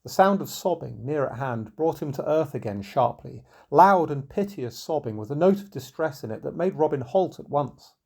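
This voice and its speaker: A man narrating an old folk tale in a measured, unhurried storybook reading. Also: fairly high pitch, lively intonation, vocal fry, a little mellow, slightly rough.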